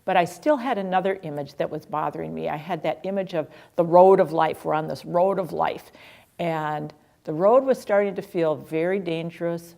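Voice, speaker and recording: Woman, middle-aged, low voice, gravelly edge, chatty personal storytelling. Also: normal speed. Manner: warm, chatty, self-deprecating with laughs. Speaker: speaker sharing personal story.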